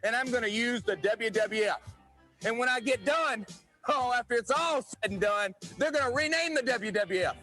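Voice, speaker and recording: A man's voice: very high-pitched, normal speed, bright, forceful tone, faint music behind, pitched above the performer's own voice. A man playing a cocky country-singer wrestler. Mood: boastful. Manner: boastful, taunting, spells out his name. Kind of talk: 1990s wrestling promo vignette.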